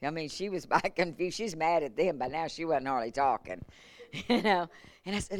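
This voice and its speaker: A woman's voice: sits low, a little fast, dry recording. A woman, a revival preacher telling healing stories in a sermon, acting out quotes and laughing along the way. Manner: animated testimony with laughs and acted-out quotes. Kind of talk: sermon storytelling. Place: church.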